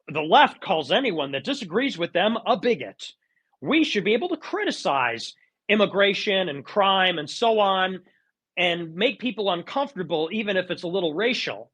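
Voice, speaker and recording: A man's voice: high voice, very animated, normal speed, fairly bright tone, husky. A man giving a heated, argumentative monologue in a live audio chat room, pressing his points insistently. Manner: argumentative and insistent, with mocking put-on quotes.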